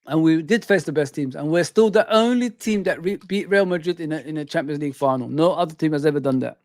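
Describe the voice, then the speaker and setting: A middle-aged man chats to his live-stream audience in an animated way, answering the chat and saying the same phrases again and again. His voice sits a bit high. The sound is dry and close to the mic. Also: fast, no echo. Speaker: host.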